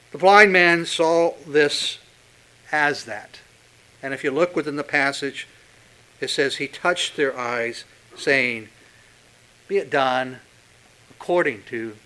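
Bright-voiced male pastor preaching slowly. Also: a little high, rough recording. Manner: emphatic, swinging from loud stresses to hushed quotes. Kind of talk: sermon.

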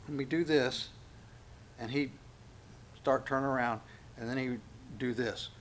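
A middle-aged man delivers a sermon in an animated manner, slipping into the voices of the people he quotes. His voice sits in a middle pitch for a man. A faint hiss of noise runs underneath the recording. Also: measured pace, long pauses. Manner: animated, acts out quotes and asides. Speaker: pastor.

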